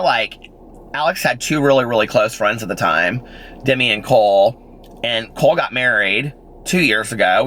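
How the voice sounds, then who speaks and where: A man's voice: on the low side, bright, forceful tone, slight background noise. A man in his forties telling a rambling personal story in a casual vlog, full of fillers and little laughs. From Indiana, United States. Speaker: vlogger.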